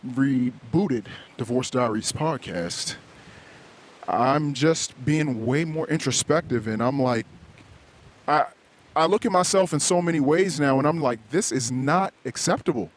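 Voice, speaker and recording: Slight background noise sits behind this podcast host's mid-range voice as he speaks at a measured pace. In a candid solo confession, he rambles self-critically, curses frequently, and performs heated quotes.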